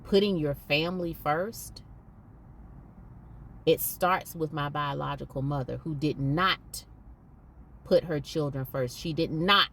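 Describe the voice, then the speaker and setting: A woman's voice: low-pitched, takes it slowly, long pauses, fairly bright tone, slight background noise. A woman hosting a podcast, speaking candidly and emphatically and repeating points for stress. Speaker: podcast host.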